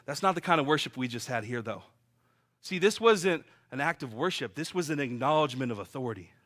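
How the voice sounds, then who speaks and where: A man's voice: mid-range voice, expressive, fairly quick, fairly bright tone. A man preaching a sermon and sharing his own testimony, telling stories in a vivid, earnest, emphatic way.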